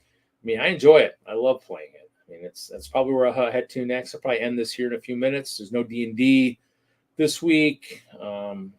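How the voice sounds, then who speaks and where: A man's voice: medium pitch, a little fast. A middle-aged man hosting a weekly hobby talk show, chatting casually in a loose, rambling way and often restarting his sentences. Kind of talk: casual livestream chat.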